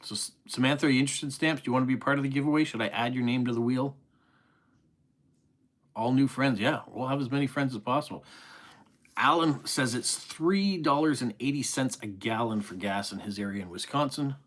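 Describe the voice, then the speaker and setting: A man's voice: medium pitch, brisk. A middle-aged man with an East Coast Canadian accent, hosting a casual live stream and reading viewer comments aloud in a friendly, chatty way.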